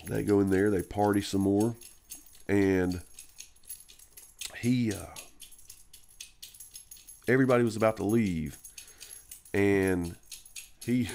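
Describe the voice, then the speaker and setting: A man's voice: lowish voice, slow, vocal fry, pauses often, darkish tone. A man telling a long personal story in a loose, rambling way on a live stream, full of fillers and restarts. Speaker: live stream co-host or guest.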